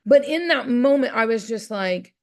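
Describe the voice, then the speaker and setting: A woman's voice: fairly high pitch, lively intonation, moderate pace. A woman gives a motivational talk as one long personal story. She speaks casually and with energy, acting out her own inner voice and often checking in with the listener. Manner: chatty, keeps asking "right?".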